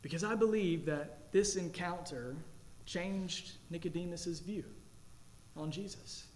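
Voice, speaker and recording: A man pastor preaching a sermon, earnest, rising to emphatic declarations and dropping low and slow. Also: a little mellow, slight background noise.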